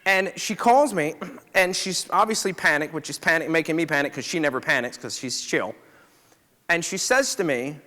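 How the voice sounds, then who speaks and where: A man's voice: on the high side, moderate pace, pushed and bright. A man, a chiropractor, telling a story to a live audience in a casual, conversational way, often checking in with the listeners. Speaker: chiropractor speaker. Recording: reverberant hall.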